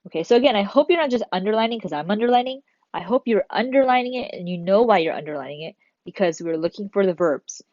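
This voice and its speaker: A woman's voice: medium pitch, expressive, quick pace, darkish tone, no room sound, muffled recording. A woman teaching a recorded grammar lesson to third graders, chatty, asking and answering her own questions.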